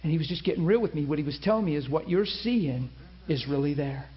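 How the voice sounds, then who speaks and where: A man's voice: a little high, animated, fast, highs cut off. A man preaching a sermon, telling a story and acting out the people in it.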